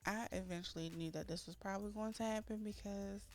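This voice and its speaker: A woman's voice: medium pitch, steady tone, a little fast. A woman hosting a let's-play, chatting casually as she narrates her game and acts out her characters' lines with dramatic flair. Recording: faint background music.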